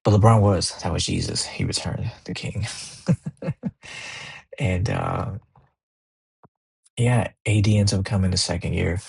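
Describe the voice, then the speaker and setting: A young man hosting a casual podcast, telling sports stories in a loose, profane, animated way. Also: low voice, normal speed, creaky, breathy edge. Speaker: podcast host. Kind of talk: casual monologue.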